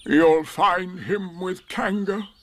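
A man voicing a gloomy old male donkey in a storybook reading, slow and mournful. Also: sits high, steady tone, voice pushed up.

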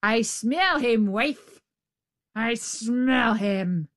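Woman doing a huge ogre, greedy, suspicious, booming, drawn-out calls, storybook, dry sound. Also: fairly bright tone, no room sound. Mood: bellowing.

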